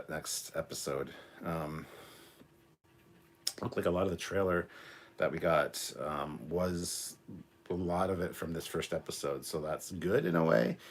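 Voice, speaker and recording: A Canadian man in his forties, hosting a casual live reaction stream, rambling with many ums, reading chat aloud and apologizing for a cough. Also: low voice. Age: 40s. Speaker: livestream host.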